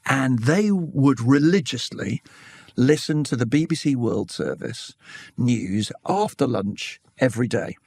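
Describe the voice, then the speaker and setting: A British man in his sixties, an interview guest telling candid stories from his life in a measured, reflective way. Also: mid-range voice, expressive, darkish tone, no room sound. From Britain. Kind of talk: reflective conversational storytelling.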